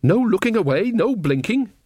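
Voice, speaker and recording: A blunt old country witch woman, gruff and plain-spoken in thick rustic dialect, as a male narrator puts her on. Her voice rides high and lively, and the reading is dry and close. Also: moderate pace, dry recording, heavily acted.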